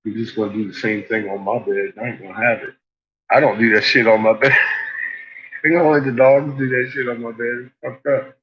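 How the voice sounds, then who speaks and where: A man's voice: mid-range voice, steady tone, a little fast. A man at home chatting casually and swearing a lot, laughing often and talking to his barking dogs. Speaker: vlogger. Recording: dull lo-fi home recording, faint noise.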